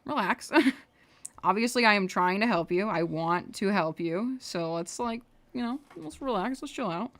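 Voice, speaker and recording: Drawing on stream, a young woman shows her animation work while chatting casually, rambling and muttering under her breath. Her mid-range voice is animated and moves at normal speed.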